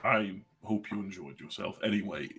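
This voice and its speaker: Low, gravelly man playing in character. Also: pushed and bright. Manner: measured, formal, dry and hesitant. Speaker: tabletop game player. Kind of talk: in-character role-play.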